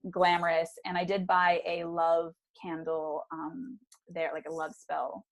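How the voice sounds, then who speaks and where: A woman co-hosting a podcast, telling stories in animated casual chat with fillers. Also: lowish voice, measured pace. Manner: animated storytelling with fillers and laughs. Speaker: podcast co-host.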